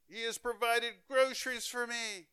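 Man voicing a little old lady, devout, jubilant, high raised voice, crisp. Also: flat delivery, a little slow, exaggerated voice. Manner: shouting praise in a high voice.

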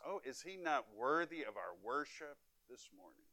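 A man pastor preaching a sermon, with emphatic delivery that swings between loud and soft and between fast and drawn out. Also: medium pitch, very animated, dry recording. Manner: emphatic preaching with wide swings in loudness and pace.

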